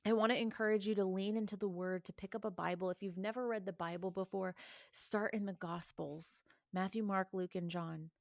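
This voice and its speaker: Woman, earnest faith talk, encouraging, gravelly edge, dry close sound. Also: medium pitch, fairly even intonation, a little fast, dry recording. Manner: earnest, encouraging, exhorting listeners. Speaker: Christian podcast host. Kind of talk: personal faith reflection.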